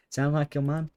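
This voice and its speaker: A man voicing a rough male villager with a put-on Cockney British accent, read in a hammy, amateur way. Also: fairly high pitch, mellow, voice pushed up. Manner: hammy, amateur character reading.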